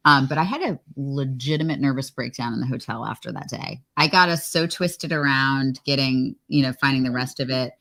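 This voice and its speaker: A woman chatting on a live stream as a guest, telling rambling, animated stories from her time as a contestant. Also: extremely low pitch, brisk, hardly any pauses. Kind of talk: casual chat on a live stream.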